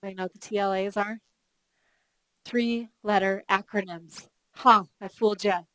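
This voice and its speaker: In a low-quality recording with no room sound, a middle-aged woman speaks at a moderate pace and medium pitch. She is running a live customer service training workshop, where she tells lively stories and asks the room questions.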